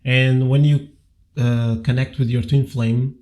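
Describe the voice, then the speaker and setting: A man co-hosting a casual spiritual talk, speaking haltingly with restarts. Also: mid-range voice, little pitch movement, a little mellow. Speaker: co-host.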